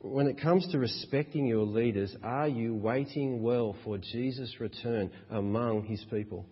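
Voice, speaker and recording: A man's voice: medium pitch, unhurried, breathy edge. A man preaching a sermon as a pastor, with emphatic, rhythmic repetition. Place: church hall. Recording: dull echoey church hall.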